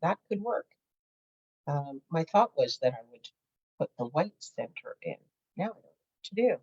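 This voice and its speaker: A middle-aged crafting channel host talks through a casual tutorial at normal speed, giggling and thinking aloud as she works. Her low, darkish voice is very animated and slightly rough. The home recording is dull and lo-fi.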